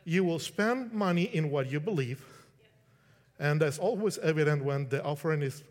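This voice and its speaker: Heard with long hall reverb, a middle-aged Colombian man preaches a casual sermon at normal speed. His voice is a little high and expressive, and he speaks conversationally, restarts phrases, and acts out quotes.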